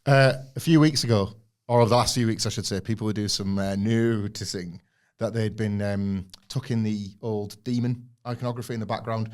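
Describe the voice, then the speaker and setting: A man's voice: lowish voice, fairly even intonation, a little fast, darkish tone, clear, resonant tone. A man co-hosting a podcast, giving opinions in casual chat and peppering his talk with "like". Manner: filler-heavy, frequent "like". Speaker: podcast co-host.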